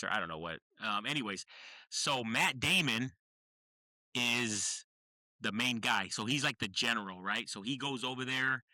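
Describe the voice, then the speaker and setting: A man's voice: mid-range voice, bright, forceful tone, no echo. A man, casually retelling a movie plot on a podcast, rambling and saying "bro" a lot. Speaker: podcast co-host.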